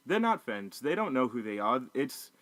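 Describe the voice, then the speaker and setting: A man co-hosting a casual movie review, animated and profane, slipping into quick voices of the characters. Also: mid-range voice, no room sound.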